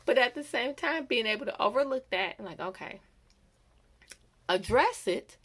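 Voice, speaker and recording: A woman giving a casual devotional talk, animated and acting out quoted voices. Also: on the high side, normal speed, long pauses. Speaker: bible study teacher.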